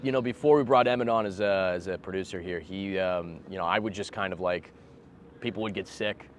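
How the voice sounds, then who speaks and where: Deadpan man with a low voice. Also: brisk, slight background noise. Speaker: podcast host. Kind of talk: casual comedic chat.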